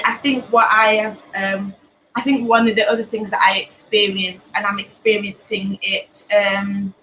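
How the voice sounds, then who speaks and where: A young woman from Britain, hosting a live show from home and talking candidly with many pauses and restarts. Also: medium pitch, bright, forceful tone, a little hiss or hum, poor audio. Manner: earnest, many ums and restarts. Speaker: host of a live talk show. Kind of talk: candid personal talk.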